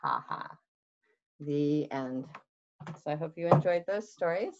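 A woman children's librarian reading a picture book aloud to young children, expressive and sing-song, with gasps and questions to the kids. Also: low voice, takes it slowly, lo-fi sound.

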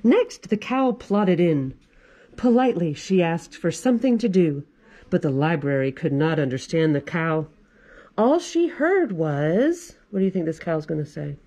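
Animated woman reading storytime. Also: fairly low pitch, a little slow, lo-fi sound. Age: 40s. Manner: animated, chatty asides to kids. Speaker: children's librarian. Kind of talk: reading a picture book aloud to children. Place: library.

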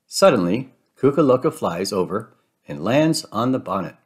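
A man reading a children's storybook aloud, gentle and clear. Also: lowish voice, expressive, moderate pace. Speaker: storybook reader. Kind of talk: children's read-aloud narration.

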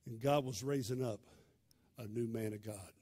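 A male pastor, preaching a sermon in a dramatic storytelling way that swings from loud to hushed. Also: medium pitch, normal speed, husky.

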